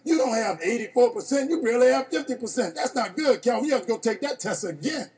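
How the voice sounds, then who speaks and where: A man's voice: very high-pitched, animated, quick pace, darkish tone. A man quoting a blunt woman school counselor. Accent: New Orleans.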